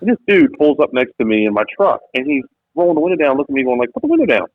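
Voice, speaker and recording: A man, a business founder and podcast guest, telling a story in lively conversation and acting out quotes in different voices. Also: mid-range voice, rapid-fire. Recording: tinny phone-like line, dry.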